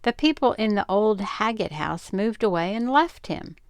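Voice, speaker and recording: An older woman reading the part of an eager young boy who talks in a bright, pleading way. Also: medium pitch, animated, moderate pace, no room sound, clean studio sound, pitched above the performer's own voice, close to an everyday voice.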